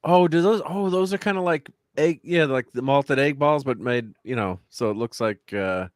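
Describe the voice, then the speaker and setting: A man's voice: medium pitch, normal speed, no echo, studio quality. A man hosting a casual livestream chat, laughing often and trailing off mid-sentence. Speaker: livestream host.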